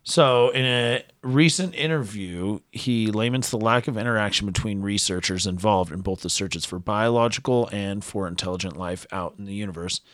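A man's voice: fairly low pitch, normal speed, hardly any pauses, fairly bright tone, no room sound, studio quality. A man co-hosting a podcast, reading a news story aloud in casual chat with frequent fillers and restarts. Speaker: podcast co-host.

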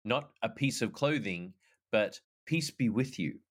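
A man with an Australian accent co-hosting a Christian podcast in easygoing chat, upbeat and quick to laugh. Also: on the low side, expressive. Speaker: podcast co-host. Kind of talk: casual faith podcast chat.

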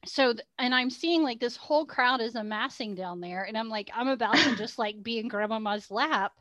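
High-voiced woman telling a story. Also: moderate pace, no echo. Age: 40s. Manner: animated, laughs through her story. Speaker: podcast co-host. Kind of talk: casual storytelling chat.

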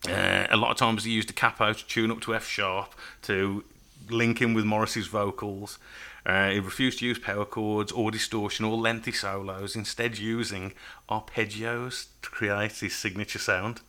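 A man hosts a casual music podcast. His voice sits a little low but sounds bright and forward. He chats easily, laughs often and reads from his notes. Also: level tone, normal speed. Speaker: podcast host.

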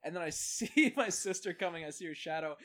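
A man's voice: fairly high pitch, expressive, brisk, fairly bright tone. A young man in casual chat, telling blunt, profane stories.

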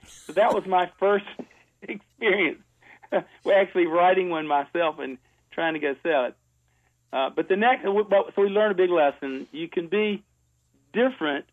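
A man's voice: a little high, animated, normal speed. A man telling stories as a guest in an interview, chatty and laughing, with lots of um's and restarts. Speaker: ad music composer, guest. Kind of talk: casual storytelling interview. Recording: tinny phone-like radio sound.

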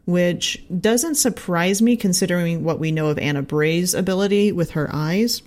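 A woman's voice: fairly low pitch, normal speed, hardly any pauses, darkish tone. A woman hosting a casual podcast chat about game lore, chatty and laughing easily. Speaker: podcast host.

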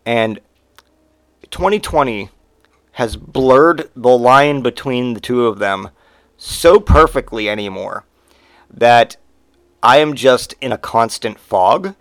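A man's voice: mid-range voice, expressive, slow pace, long pauses, no echo, clean studio sound. A man hosting a podcast, telling rambling, profane stories in a casual monologue. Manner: rambling and profane, with frequent swearing. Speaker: podcast host.

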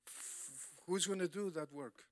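Man, sermon, animated, broken English, slow delivery, dry sound. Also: a little high, no echo. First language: Spanish. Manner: animated preaching, broken English, frequent laughs. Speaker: preacher.

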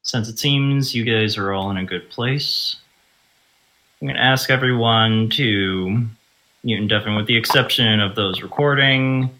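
A man running a tabletop game as game master over online voice chat, narrating in a measured way. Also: lowish voice, pushed and bright, low-quality recording.

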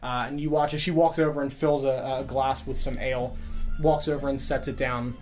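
Game master narration, mid-pitched voice, loose and rambling, faint guitar underneath. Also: little pitch movement, a little fast, darkish tone. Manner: rambling, filler-heavy scene description.

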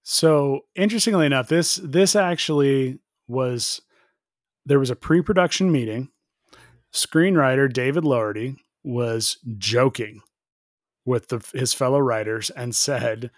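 A man co-hosting a casual podcast chat about a film, jokey and animated, acting out bits in a high voice. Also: measured pace, dry recording, studio quality. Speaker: podcast co-host.

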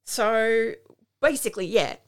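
A woman's voice: fairly high pitch, animated, unhurried. An Australian woman co-hosting a podcast, chatting casually and recapping plots with blunt asides. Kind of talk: casual chat.

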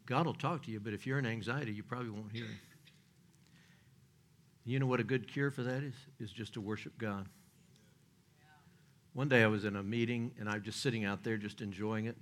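A man's voice: on the low side, fairly even intonation, brisk, long pauses. An older man preaching a sermon in a folksy, joking way, with loose restarts and chuckles.

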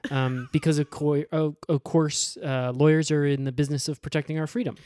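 A man co-hosting an improvised comedy podcast, deadpan and halting, with lots of ums. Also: fairly high pitch.

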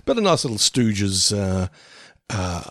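A man's voice: fairly low pitch, very animated, unhurried, no room sound, studio quality. A man, co-hosting a casual podcast, easygoing and jokey, often trailing off. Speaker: podcast co-host. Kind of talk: casual chat.

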